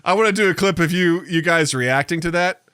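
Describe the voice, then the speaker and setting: A middle-aged man on a podcast, telling animated stories and acting out quotes in casual chat. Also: high-pitched, fairly quick, clean tone, no room sound, clean studio sound. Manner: animated storytelling, acts out quotes. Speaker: podcast guest, filmmaker.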